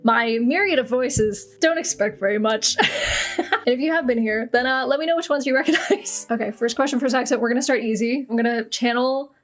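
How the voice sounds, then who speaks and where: A woman's voice: on the high side, a little fast. A young woman hosting a casual question-and-answer chat to camera, bubbly and self-mocking, laughing often. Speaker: YouTuber host.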